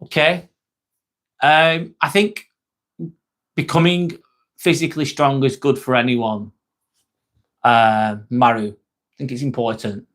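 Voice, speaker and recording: The voice is mid-range and a bit bright, slow and steady in tone, with frequent pauses. It belongs to a man hosting a laid-back livestream, joking, swearing and speaking straight to viewers as he responds to their chat.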